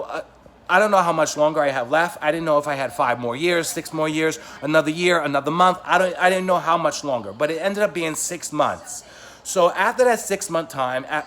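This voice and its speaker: A vlogger tells his own story in a voice pitched a little high for a man. He rambles and doubles back over his words, and his telling turns heated and loud as the feeling builds. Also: slight background noise. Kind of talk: personal storytelling to camera.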